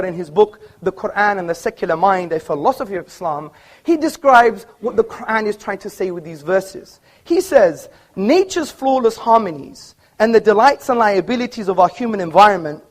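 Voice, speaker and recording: A man giving an argumentative, emphatic public debate speech to a live audience in an auditorium, citing books as he goes. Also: high voice.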